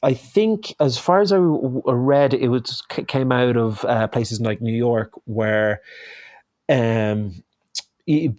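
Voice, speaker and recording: A man's voice: medium pitch, slow pace, darkish tone, dry recording, studio quality. A man speaking as a chef guest in a casual interview, hesitant and often restarting his phrases.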